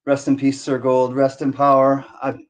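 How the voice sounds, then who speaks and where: A man hosting a casual livestream, cheerfully greeting viewers by name in quick shout-outs. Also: medium pitch, monotone, soft background music. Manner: upbeat, reads out chat names in quick greetings. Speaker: livestream host.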